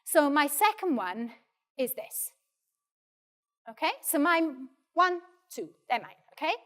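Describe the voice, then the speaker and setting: A woman with a Welsh accent, an actor leading a practical drama workshop and giving clear, encouraging instructions. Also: high-pitched, sing-song, takes it slowly, a bit bright.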